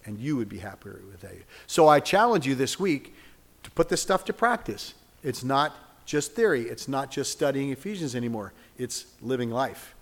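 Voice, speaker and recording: A male pastor preaches at a middle pitch while a long reverb trails through the church sanctuary. Conversational at first, he teases listeners by name, then builds to fervent calls and closes the sermon in prayer.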